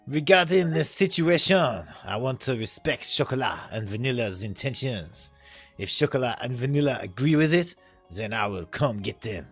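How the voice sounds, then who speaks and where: A man reading a visual novel aloud on stream, animated and often laughing. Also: medium pitch, moderate pace, faint music behind.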